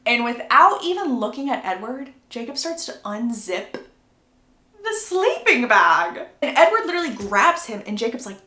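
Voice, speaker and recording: A young woman casually retelling a book plot, chatty and acting out the characters' lines in quick voices. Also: fairly high pitch, expressive, a bit bright, echoey room. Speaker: book recap creator.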